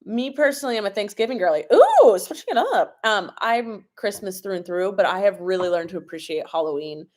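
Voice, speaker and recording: A woman's voice: medium pitch, fairly quick, few pauses. A young adult woman chatting casually on a live stream from her kitchen, reading viewer comments and laughing often, a little sniffly from a cold. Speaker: vlogger hosting a live stream. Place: home, at a laptop in the kitchen. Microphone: laptop or phone camera propped up.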